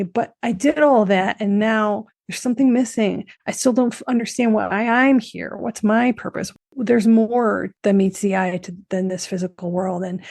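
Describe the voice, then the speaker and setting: Woman podcast host, earnest explainer, mellow tone with fry. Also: medium pitch, dry recording, studio quality. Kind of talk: interview talk.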